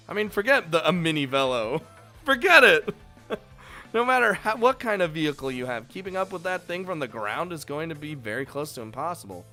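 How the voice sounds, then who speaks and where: A man with a bright, forward voice reads the game's narration aloud, then breaks off into wisecracks, curses and laughter. His pitch sits in an ordinary middle range, and faint game music plays under him. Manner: jokey, swearing, laughing asides. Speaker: let's play host. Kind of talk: reading a visual novel aloud with commentary.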